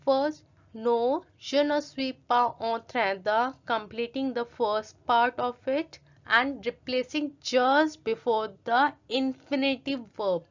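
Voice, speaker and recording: A woman's voice: a little high, steady tone, takes it slowly, lo-fi sound. A woman teaching a French grammar lesson from slides, reading each French example and then translating and explaining it step by step in English.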